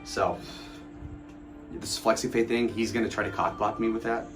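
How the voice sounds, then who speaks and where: Man, 20s, late-night streamer, casual, rambling, profane, mocking, lowish voice. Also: level tone, moderate pace, music in the background. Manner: reads and answers chat messages aloud. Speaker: livestreamer.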